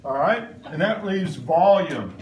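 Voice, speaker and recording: A man's voice: high voice, lively intonation, a little slow, roomy sound, far from the mic, slight background noise. A middle-aged man teaching a science lesson in a classroom, quizzing the class in playful call-and-response. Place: elementary school classroom.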